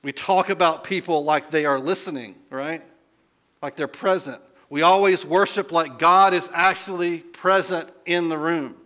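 A man's voice: a little high, unhurried, pushed and bright. A man preaching a sermon as a pastor, telling stories in a conversational way and asking the listeners questions.

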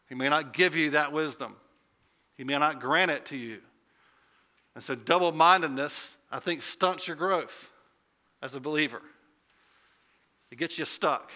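A pastor delivers a sermon in a relaxed, conversational way. His voice is very bright and forceful. He rises to loud, emphatic peaks. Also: mid-range voice.

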